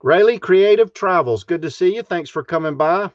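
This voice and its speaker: A man's voice: high voice, lively intonation, moderate pace, no room sound, muffled recording. A man hosting a casual live stream from his RV, folksy and chuckling often as he greets viewers. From Texas.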